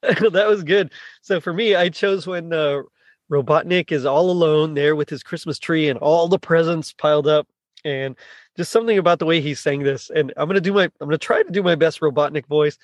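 A man's voice: on the high side, brisk, no echo. Dry-sounding podcast host, a man. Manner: laughs often while talking. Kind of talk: casual chat.

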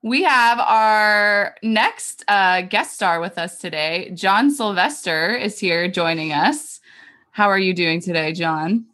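A woman hosting a podcast table read, cheerful and quick to laugh. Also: lowish voice, a bit bright. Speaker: host.

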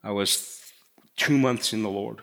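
A middle-aged man preaching a sermon in a conversational way, dropping to a hush to stress his points. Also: fairly low pitch, unhurried, gravelly. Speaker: pastor.

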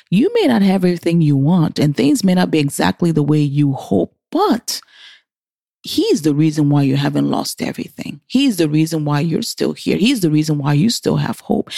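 A woman's voice: deep voice, gravelly, mellow, no echo, studio quality. A woman giving a preachy heart-to-heart talk, offering Christian advice to single women and acting out inner voices with big theatrical swings. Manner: stops short and restarts words mid-sentence.

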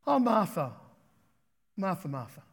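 A pastor preaching a sermon with emphatic delivery, repeating key words and acting out quotes. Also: male voice, high-pitched, very animated, a little slow, creaky, husky.

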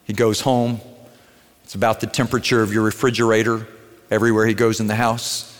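A man's voice: on the low side, flat delivery, brisk. A pastor preaching a sermon in a conversational storytelling way, putting direct questions to his congregation. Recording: long hall reverb.

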